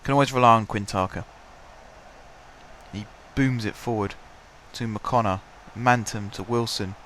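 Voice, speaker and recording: Casual male gamer narrating play, congested and throat-clearing, lowish voice, light background hiss. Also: measured pace, fairly bright tone. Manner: chatty, self-deprecating, clears his throat often. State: stuffy, blocked-up voice. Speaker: gaming commentator. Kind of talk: casual let's-play commentary.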